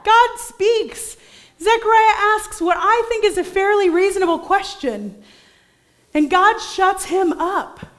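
High-voiced woman preaching a story-driven sermon. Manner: storytelling, animated, acts out voices in quotes. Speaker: pastor.

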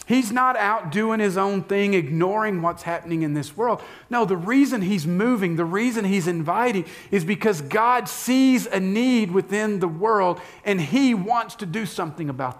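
A man preaching a sermon as pastor, speaking conversationally and putting questions to the congregation. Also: high voice.

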